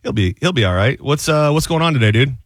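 A man hosting a radio show, chatting casually and telling rambling, animated stories. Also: medium pitch, dry recording, studio quality. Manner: fast, rambling, animated storytelling. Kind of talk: casual talk radio banter. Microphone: studio mic.

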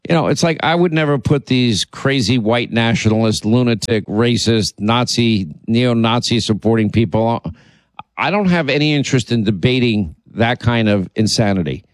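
A man hosts a political radio talk show, speaking emphatically and indignantly and often repeating himself. He's a radio and podcast host with a medium-pitched voice and no room sound.

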